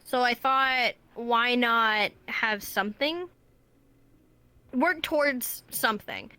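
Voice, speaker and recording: A woman's voice: fairly high pitch, slow, bright, forceful tone, clear, resonant tone. A woman chatting as an interview guest, laughing often, her voice strained from long use. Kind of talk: casual interview chat.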